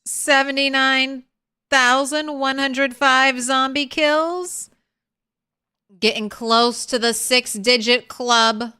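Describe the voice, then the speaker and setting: Bright, crisp-voiced woman streamer. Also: sits high, steady tone, takes it slowly. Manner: greets viewers by name and chats warmly about progress. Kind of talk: casual live-stream chat while gaming.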